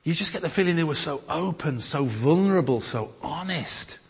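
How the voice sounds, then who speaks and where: A man from northern England preaching and leading group discussion in a church hall, lively and emphatic as he reads scripture. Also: fairly high pitch, moderate pace, creaky, breathy edge. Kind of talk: teaching sermon with group discussion. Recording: long hall reverb.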